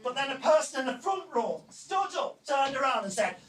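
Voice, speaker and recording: A man in his forties performing a stand-up comedy set on a club stage, with a punchy delivery that often breaks into a shout. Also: extremely high pitch, sing-song, moderate pace. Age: 40s. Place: comedy club stage before a live audience. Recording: echoey club room miked from a distance, loud crowd laughter.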